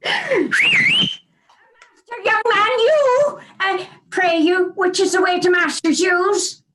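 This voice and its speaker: A frail, nearly blind old father, played by a woman, asks the way in a thin, very high, pleading voice. He speaks slowly and humbly, like a poor man who knows his place. This is Shakespeare performed over a video call. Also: very animated, raised voice, noisy background, exaggerated voice.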